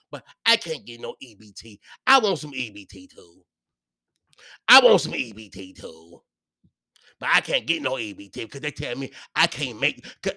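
Animated, bright-voiced man ranting hotly. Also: a little high, gravelly, no room sound, clean studio sound. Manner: profane, heated ranting that swings from loud outbursts to mumbled asides. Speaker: podcast host. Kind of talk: comedic solo rant.

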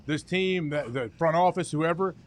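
A man's voice: on the high side, moderate pace. A man, a former football player who co-hosts a sports talk show, giving easygoing opinions and laughing along.

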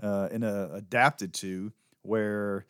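Easygoing pastor co-host, dry close sound. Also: male voice, on the low side, fairly even intonation, slow pace, fairly bright tone, smooth, no echo. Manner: easygoing, teasing. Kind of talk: casual podcast chat.

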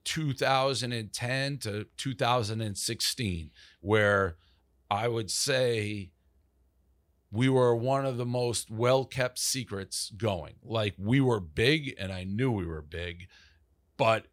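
Brief: forties man, low voice, profane storyteller who quotes others, dry close mic. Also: slow, a bit bright, no echo. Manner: loose, profane, quotes people in asides. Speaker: interview guest, media founder. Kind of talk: casual interview storytelling.

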